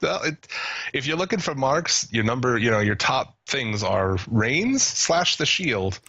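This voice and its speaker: A man co-hosting a podcast, chatting casually, swearing and laughing as he reads out listener shout-outs. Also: mid-range voice, big pitch swings, measured pace, slightly rough, dry recording, lo-fi sound. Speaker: podcast co-host.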